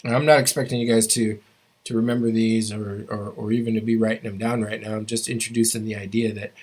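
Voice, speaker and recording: Male language teacher, low-pitched and even-toned, halting delivery, walks students through grammar rules. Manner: halting, stops often to restart phrases; explains rules step by step to students. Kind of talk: classroom grammar lesson.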